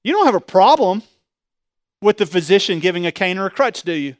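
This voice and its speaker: A pastor preaching a sermon with animated delivery, asking the congregation rhetorical questions and pushing his voice up loud. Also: high-pitched, a little fast, no echo, clean studio sound.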